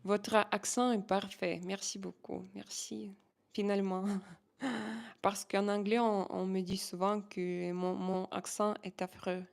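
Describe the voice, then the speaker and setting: Woman, Russian accent, live-stream chat host, gravelly fry, halting delivery with French slipping in. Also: medium pitch, level tone. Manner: halting, searches for English words, drops into French.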